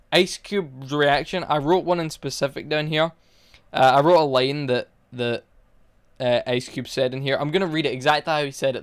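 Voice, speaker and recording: A man's voice: a little high, smooth. A young man casually reviewing a movie, exasperated and mocking, rambling with fillers.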